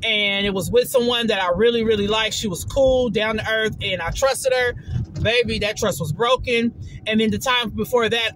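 A woman telling a story in a casual vlog, chatty and expressive, often saying "baby" and putting on voices when she quotes people. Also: mid-range voice, slight background noise, poor audio. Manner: quotes others in shifted voices. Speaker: vlogger.

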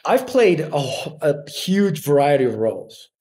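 A man in his forties, an actor appearing as a podcast guest, speaks English with a Colombian Spanish accent in a voice a little higher than most men's. Talking a little slowly in a relaxed interview, he tells stories animatedly and often acts out the quoted voices of other people.

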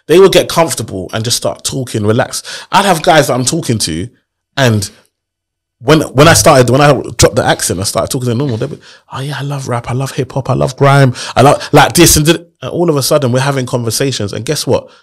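A man's voice: medium pitch, slightly rough. A man tells his story in a casual interview, earnest and motivational, often asking rhetorical questions. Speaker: guest.

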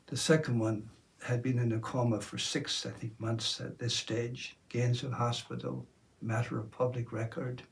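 A man who is a Catholic priest, giving a sermon in a slow, measured way with some hesitations. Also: mid-range voice, little pitch movement, gravelly.

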